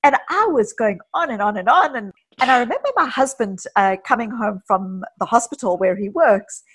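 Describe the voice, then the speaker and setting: A woman with a psychologist's background, talking in a conversational interview and telling stories with lively acted-out quotes. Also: a little high, moderate pace, husky. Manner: animated storyteller, acts out quoted speech. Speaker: psychologist guest.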